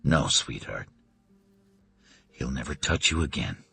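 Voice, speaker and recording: A man voicing a protective man who speaks to the woman he loves in a hushed, tender voice. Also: a bass voice, expressive, measured pace, vocal fry, soft background music, pitched below the performer's own voice, exaggerated voice. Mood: gentle. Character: protective man, gentle with his wounded lover.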